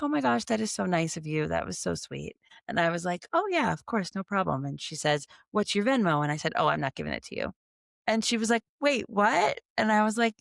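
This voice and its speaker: A middle-aged woman co-hosting a podcast, chatting casually with a gravelly edge of vocal fry. She tells her story by acting out both sides of the conversation. Her voice is close to the mic in a dry, dead room. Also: lowish voice, no room sound. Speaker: podcast co-host. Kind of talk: casual chat.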